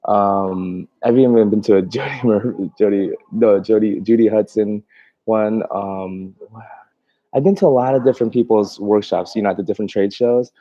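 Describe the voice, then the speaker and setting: A man's voice: lowish voice, steady tone, moderate pace, mellow, no echo, highs cut off. A man, a mobile dog groomer, chatting casually on a livestream, reading out viewer comments, laughing often and talking in loose rambling bursts. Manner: rambling, laughs often, many fillers and restarts.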